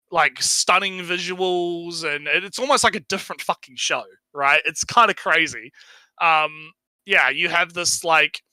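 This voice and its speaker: Stream co-host: high, bright man, animated, swears freely, acts out characters mid-recap. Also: dry recording, rough recording. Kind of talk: casual chat, recapping an anime.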